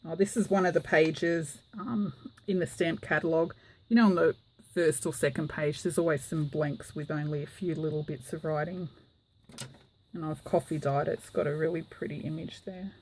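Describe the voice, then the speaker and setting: Showing a handmade journal to the camera, a craft vlogger talks casually and giggles often, with many fillers. Her low-pitched voice is steady and darkish at a moderate pace, with slight background noise on a low-quality recording.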